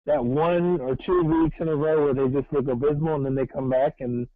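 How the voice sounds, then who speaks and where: A man's voice: fairly high pitch, fairly even intonation, a little fast, no echo, phone-quality sound. A man co-hosting a casual sports talk show, blunt and wry, swearing casually. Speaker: sports podcast co-host.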